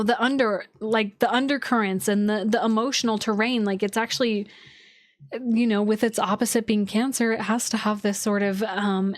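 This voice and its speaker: Woman, livestream astrologer, chatty, swears casually, dry close sound, mid pitch. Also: dry recording. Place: at home.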